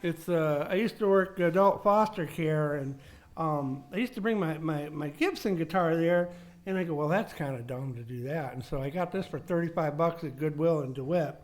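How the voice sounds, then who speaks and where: High-voiced man rambling on stage. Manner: halting, repeats words, deadpan tall tales. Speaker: musician at an open mic jam.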